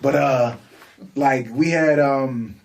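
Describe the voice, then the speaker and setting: A man's voice: mid-range voice, takes it slowly, vocal fry, distant mic. A man co-hosting a music podcast, telling rambling, laid-back stories. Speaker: podcast co-host. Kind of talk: casual podcast chat.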